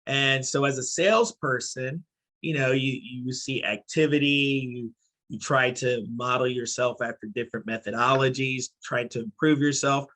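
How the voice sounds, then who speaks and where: Thoughtful middle-aged man, bright tone. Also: mid-range voice, steady tone. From born in Haiti, raised in New York. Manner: thoughtful, measured, reflective. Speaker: podcast guest, company CEO. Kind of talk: casual podcast interview.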